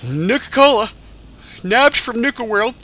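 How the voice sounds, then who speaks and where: A man's voice: extremely high pitch, lively intonation, unhurried, bright, forceful tone, a little hiss or hum. A man hosting a let's-play, chatting casually as he plays, rambling and swearing now and then, a little tired. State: tired, yawning. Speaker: game channel host.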